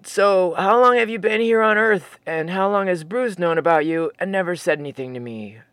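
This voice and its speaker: A man's voice: high-pitched, normal speed, fairly bright tone, smooth, no room sound. A narrator voicing a male forestry worker, stammering and incredulous. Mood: amazed.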